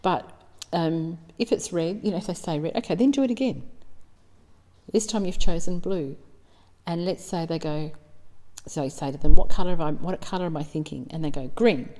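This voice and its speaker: A middle-aged psychic medium from South Australia tells stories in casual, earnest talk, getting emotional and acting out snippets of dialogue. Her lowish voice is warm and moves at a normal speed, echoing in a large hall.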